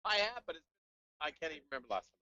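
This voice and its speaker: A man's voice: fairly high pitch, very animated, racing, bright, forceful tone, muffled recording. A man hosting a podcast in casual chat, asking questions and laughing often. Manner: laughs a lot, asks questions. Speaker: podcast host.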